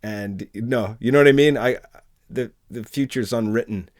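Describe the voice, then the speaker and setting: A man's voice: medium pitch, normal speed. A man hosting an unscripted podcast chat, effusive and affectionate with his guest over a remote call. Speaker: podcast host.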